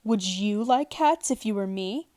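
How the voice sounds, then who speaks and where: A woman's voice: mid-range voice, lively intonation, unhurried, a little mellow, natural voice. A woman voicing a small, touchy mouse, indignant and clipped.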